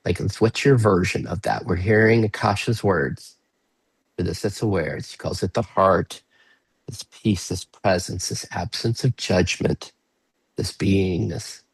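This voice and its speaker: A man with a low, slightly husky voice guides a small group through a reflective exercise over a video call. He speaks slowly and gently, asking open questions. The sound is dry and close. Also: steady tone, no echo, poor audio. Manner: slow, gentle, inviting questions with playful bursts. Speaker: workshop facilitator. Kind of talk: guided reflective workshop talk.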